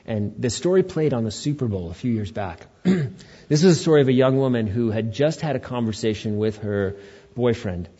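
Pastor guy preaching in church, easygoing and jokey, mellow voice, kinda muffled recording. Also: medium pitch, lively intonation, normal speed, slightly rough. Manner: conversational, joking asides to the congregation. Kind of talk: sermon. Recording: dull lo-fi recording.

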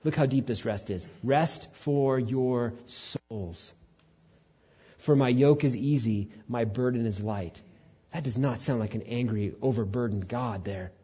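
A man preaching a sermon as a pastor, animated, acting out quotes with sudden high jumps in pitch before dropping low and quiet. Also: unhurried, slightly rough, muffled recording.

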